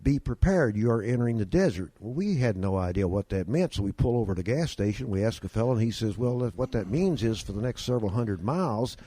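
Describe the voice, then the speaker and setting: Man in his seventies, folksy storyteller, low pitch, warm dark tone. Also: expressive, quick pace, hardly any pauses. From Kentucky. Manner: drawling yarn-spinner doing voices of people in his stories. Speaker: guest.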